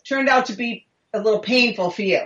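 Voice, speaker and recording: A woman's voice: fairly high pitch, fairly quick, fairly bright tone, lo-fi sound. A middle-aged woman, co-hosting a casual podcast and telling stories with easy laughs. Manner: chatty storyteller, laughs easily. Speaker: co-host. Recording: roomy echoey room.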